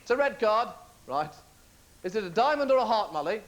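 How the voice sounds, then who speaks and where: A man's voice: very high-pitched, lively intonation, a little fast. A young man, doing live comedy patter on stage while scolding and coaxing a puppet partner. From West Midlands, England. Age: 20s. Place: TV studio stage before an audience. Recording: loud noisy broadcast with clicks.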